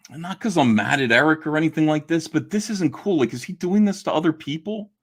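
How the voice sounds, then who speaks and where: A man's voice: on the high side, fairly quick, husky. A middle-aged man, a comic artist and YouTuber, talking to camera in a casual monologue, blunt and indignant, swearing and stumbling over restarts.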